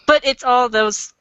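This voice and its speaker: A woman from Canada in a casual book club chat. She talks in an animated way, laughs often and acts out the people she quotes. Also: fairly high pitch, clean tone, no echo, muffled recording.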